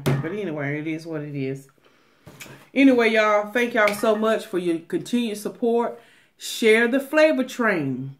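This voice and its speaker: A woman's voice: lowish voice, slight background noise. A middle-aged woman, talking casually to camera on an eating channel, emphatic and preachy with many restarts. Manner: emphatic, preachy, drawn-out phrases with repeated restarts. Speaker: mukbang vlogger.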